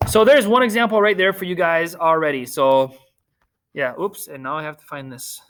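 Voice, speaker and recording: A man's voice: fairly high pitch, moderate pace, a bit bright. A man teaching a recorded remote math lesson to children, upbeat, cracking corny jokes and teasing himself, talking through a screen share.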